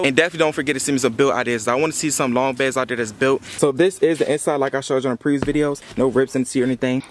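A young man, talking fast and casually to the camera as a truck vlogger. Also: mid-range voice, a bit bright. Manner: fast-talking, says y'all a lot. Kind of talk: casual vlog talk to camera.

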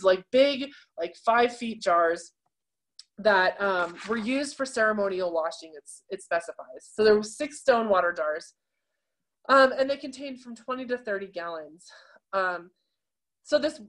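A woman teaching an adult confirmation class, explaining scripture in a relaxed, chatty way with many fillers. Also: mid-range voice. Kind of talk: casual teaching talk on scripture.

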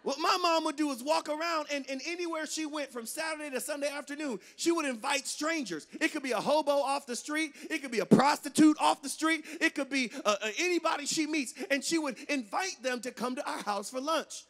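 High-voiced, animated preacher man. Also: fairly quick, hardly any pauses. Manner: animated, swings between loud shouts and hushed lines. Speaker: guest preacher. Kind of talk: sermon with storytelling.

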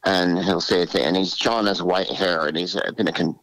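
A man in his sixties, a comedian guest telling animated stories in an interview and slipping into voices. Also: sits low, fairly quick, poor audio. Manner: animated, drops into character voices. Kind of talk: storytelling interview.

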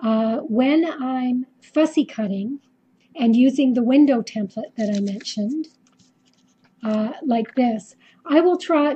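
A woman's voice: a little high, dark tone, breathy edge, lo-fi sound. Chatty Canadian woman hosting a quilting stream. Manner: chatty, many ums and restarts. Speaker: quilting teacher hosting a live video. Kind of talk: casual live-stream tutorial.

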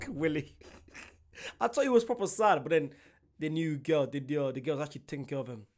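An exhausted man hosting a reaction video, with a slightly high voice. He rambles casually and pleads with his viewers. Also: brisk, a little mellow.

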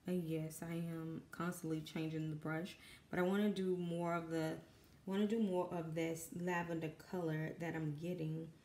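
Southern mom talking while she paints, kinda low pitched, dry voice, nervous rambly, roomy echo. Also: flat delivery, moderate pace, mellow, a little hiss or hum. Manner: rambling, self-conscious, many fillers. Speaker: artist and mother. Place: home room with kids in the background. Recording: echoey room.

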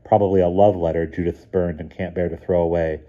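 A man's voice: deep voice, fairly even intonation, brisk, narrow, tinny audio, natural voice. A man reading a storybook aloud, voicing a father who talks in a jovial, teasing way.

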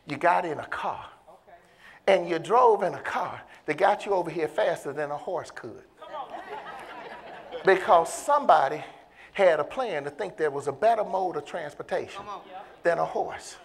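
A bishop preaching a sermon to a congregation, moving from low, casual talk to loud, impassioned calls and laughing between lines. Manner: casual vernacular grammar.

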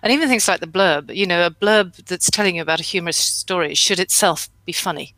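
A woman guest on a publishing panel, giving a measured, apologetic critique of a manuscript. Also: fairly low pitch, pushed and bright, no room sound, poor audio.

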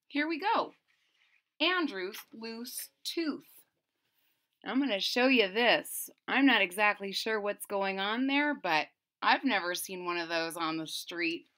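A woman's voice: mid-range voice, normal speed, sharp tone. A woman reading a picture book aloud to children, with friendly chatty asides to her young listeners. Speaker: storybook reader.

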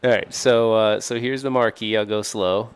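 A man's voice: fairly low pitch, steady tone, normal speed, smooth. A man co-hosting a casual live stream, rambling and correcting himself as he shows off gear. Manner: rambling, self-correcting, laughs often. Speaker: co-host.

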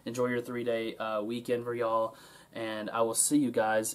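A man's voice: medium pitch, completely flat delivery, moderate pace. A man casually talking to viewers in an unboxing vlog, rambling with lots of ums and restarts. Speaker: vlogger.

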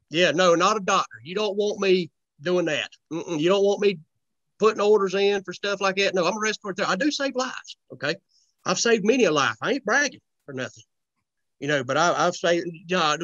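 A man's voice: high-pitched, fairly bright tone, no echo, muffled recording. A young man, chatting as a comedy guest in a laid-back, joking, folksy way. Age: young adult. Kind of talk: casual podcast chat.

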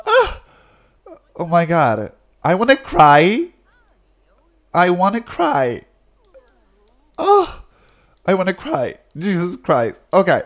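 This is a man doing relaxed let's-play commentary at an unhurried pace and a medium pitch. He is animated, exclaims at the game and reads its text aloud. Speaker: gaming video creator.

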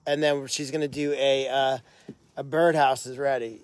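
A man's voice: medium pitch, flat delivery, moderate pace. A man hosting a casual live stream outdoors at an animal sanctuary at night, talking with upbeat enthusiasm and plenty of fillers.

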